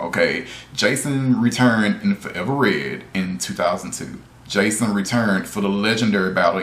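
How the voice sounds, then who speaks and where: Male reviewer, exasperated ranting delivery, lively pitch, echoey room sound. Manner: exasperated, animated complaining with frequent laughs. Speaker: video reviewer.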